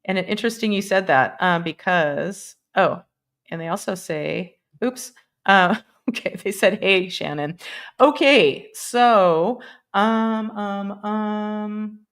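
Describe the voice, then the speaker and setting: A woman's voice: medium pitch, takes it slowly. A woman hosting a casual live stream, rambling between topics, laughing often and swearing freely. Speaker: livestream host. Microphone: computer mic on a live stream.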